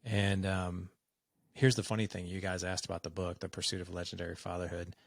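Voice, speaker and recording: A man's voice: sits low, little pitch movement, a little fast, vocal fry, dry recording, clean studio sound. A man in his forties, a podcast guest, telling a personal story in a frank, conversational way and acting out the dialogue. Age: 40s.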